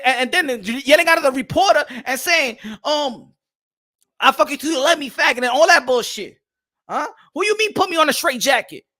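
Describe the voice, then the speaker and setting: A man hosting a boxing channel, ranting to camera in a loud, repetitive, trash-talking way and keeps asking "huh?". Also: very high voice. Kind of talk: casual rant to camera.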